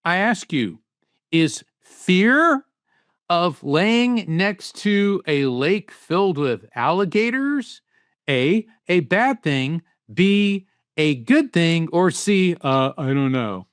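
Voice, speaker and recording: A man speaking as a guest in an interview, answering emphatically with rhetorical questions and lively anecdotes. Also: high-pitched, takes it slowly, smooth, no room sound, clean studio sound. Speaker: psychic medium and guest.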